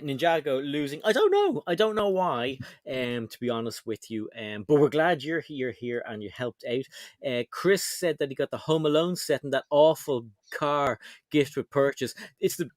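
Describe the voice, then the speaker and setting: A man's voice: medium pitch, lively intonation, moderate pace, dry recording, clean studio sound. A man co-hosting a casual livestream, chatty and reading out viewer comments. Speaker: livestream co-host.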